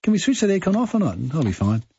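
A man's voice: high voice, very animated, very fast, dark tone, husky, no room sound, muffled recording. A man with an Australian accent, hosting a radio show and chatting casually with a caller. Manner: chatty, repeats himself. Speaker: radio host.

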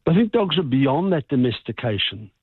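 A man's voice: medium pitch, big pitch swings, fairly quick, husky. An Australian male vet talks through a radio phone interview, his explanations long and expansive. The sound comes over a narrow, tinny phone line, dry with no room echo. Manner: warm, expansive, rambling explanations. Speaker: veterinarian guest on the phone. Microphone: telephone line.

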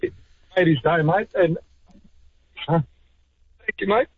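Australian man, radio caller, heartfelt, higher voice, tinny phone line. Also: slow pace, breathy edge. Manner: heartfelt, slightly emotional.

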